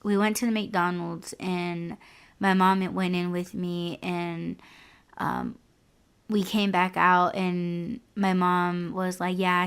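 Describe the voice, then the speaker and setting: A woman's voice: on the low side, clean tone. A young adult woman hosting a podcast, telling a personal story in a frank, candid way, full of "like" and "you know". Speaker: podcast host.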